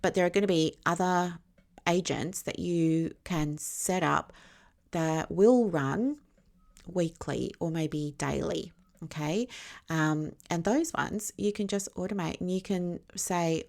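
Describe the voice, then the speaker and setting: A business mentor, a woman with a low voice, gives a casual teaching monologue. She takes her time, sounding creaky and a little mellow, explaining through extended analogies and often checking whether listeners are following.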